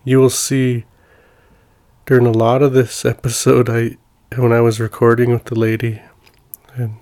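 A man's voice: mid-range voice, monotone, normal speed, a little mellow, dry recording. A man hosting a podcast and introducing an episode in an earnest, casual way, often restarting his sentences. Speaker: podcast host.

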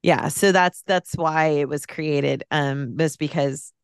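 A woman's voice: deep voice, fairly even intonation, slow pace, gravelly, smooth, dry recording, studio quality. A woman guest on a podcast, chatting casually and with feeling about a film, rambling and restarting her sentences. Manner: rambling, heartfelt, many restarts.

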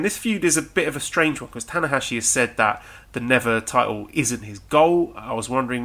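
A man with a bright, forward voice co-hosts a casual podcast. He reads listener questions and answers them conversationally, stumbling over the odd word. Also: medium pitch. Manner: conversational, with some stammered restarts. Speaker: podcast co-host. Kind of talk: casual wrestling discussion, reading listener questions.

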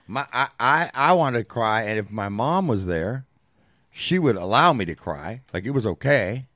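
A man's voice: mid-range voice, lively intonation, normal speed, a bit bright, dry recording, studio quality. A man co-hosting a podcast who talks candidly, swears freely and restarts his sentences. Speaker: podcast co-host. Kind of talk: candid conversational talk.

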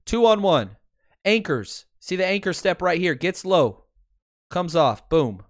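A man hosting a podcast, talking excitedly through game film and addressing his viewers. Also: a little high, no room sound, clean studio sound. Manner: excitable, swears, talks to viewers. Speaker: podcast host. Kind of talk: film breakdown commentary.

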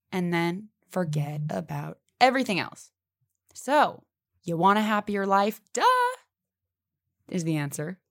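Gravelly-voiced woman podcaster, emphatic. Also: no echo, clean studio sound. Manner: emphatic, swears casually, animated pitch jumps. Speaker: podcast host. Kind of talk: casual motivational podcast monologue.

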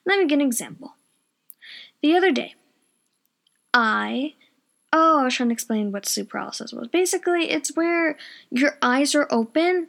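A young woman tells a story in a chatty, wandering way, often losing her thread. Her voice sits high. She talks casually from her bedroom at home. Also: lively intonation, moderate pace, vocal fry, pauses often, fairly bright tone. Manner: rambling, chatty, loses her train of thought. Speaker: vlogger.

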